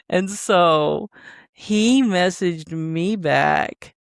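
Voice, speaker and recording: A woman co-hosting a casual podcast, telling their story in an animated way and laughing often. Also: fairly low pitch, drawn-out words, dry recording, studio quality. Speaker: podcast co-host. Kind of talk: casual chat.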